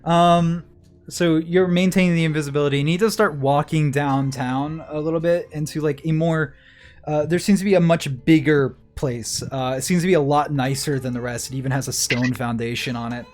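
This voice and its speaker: A man's voice: fairly high pitch, fairly even intonation, moderate pace, darkish tone, faint music behind. A man narrating a tabletop game as game master, casual and hesitant with many fillers.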